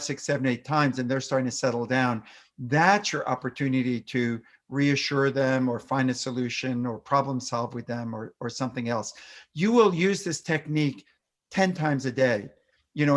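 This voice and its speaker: A man, a doctor who advises parents, talking through parenting techniques in a fireside chat and sometimes acting out how to speak to an upset child. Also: mid-range voice. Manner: explanatory, acts out parent-child phrases; frequent fillers and restarts.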